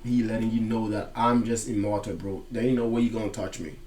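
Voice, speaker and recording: A man hosting a music reaction, explaining lyrics line by line in casual, slangy talk with loud excited outbursts. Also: on the low side, a little fast.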